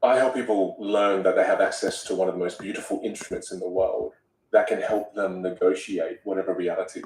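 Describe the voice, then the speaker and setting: Low-voiced man telling stories. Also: reverberant, recorded from a distance, a little hiss or hum, low-quality recording. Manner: animated, dramatic storyteller who acts out voices. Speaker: communication and voice coach. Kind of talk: storytelling in a podcast interview.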